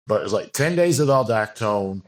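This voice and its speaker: Male podcast guest, lowish voice, candid and meandering, casual. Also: lively intonation, a little fast. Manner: rambling, frank, many fillers and restarts. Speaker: podcast guest, bodybuilding coach. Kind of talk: casual interview talk.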